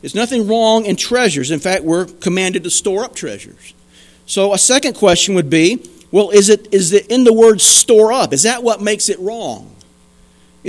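Pastor, male, high-pitched, earnest emphatic sermon delivery. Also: expressive, normal speed. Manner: earnest, emphatic preaching with repeated rhetorical questions.

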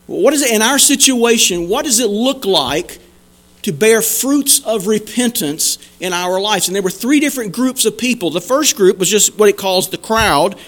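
Pastor, male, high-pitched, earnest emphatic sermon delivery. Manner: earnest, emphatic preaching with repeated rhetorical questions.

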